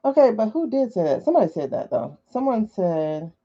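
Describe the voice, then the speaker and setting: A woman's voice: mid-range voice, very animated, fairly quick. A woman hosting a casual livestream from her phone, chatty and skeptical, thinking aloud with many fillers. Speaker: livestream host. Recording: dull lo-fi livestream audio.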